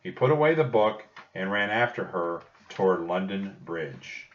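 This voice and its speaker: A man narrating a children's storybook audiobook in a slow, expressive storytelling manner. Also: deep voice. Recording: dull distant recording.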